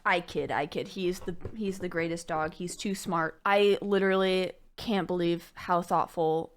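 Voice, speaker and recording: A woman's voice: on the high side, smooth. Bubbly young woman gaming vlogger. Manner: bubbly and emotional, gushing thanks, jokey asides. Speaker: gaming YouTuber unboxing gifts. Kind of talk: casual vlog chat.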